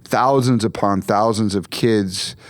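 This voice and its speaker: A man's voice: fairly low pitch, slow, no room sound. A man hosting a podcast, drawing out a guest's story with encouraging affirmations. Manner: encouraging, frequent short affirmations. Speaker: podcast host, pastor. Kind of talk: interviewing a guest.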